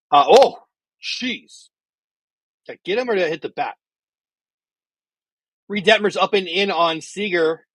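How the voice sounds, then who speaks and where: A middle-aged man hosting a baseball watch party livestream from home, chatting casually and calling the plays with excitement. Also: a little high, husky, no room sound. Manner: chatty, thinks out loud, calls plays excitedly. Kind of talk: casual live baseball commentary.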